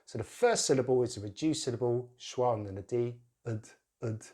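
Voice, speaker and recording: A man's voice: mid-range voice, warm tone. British male pronunciation teacher, careful exaggerated drills. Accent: British English. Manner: slow, exaggerated word drills. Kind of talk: pronunciation lesson.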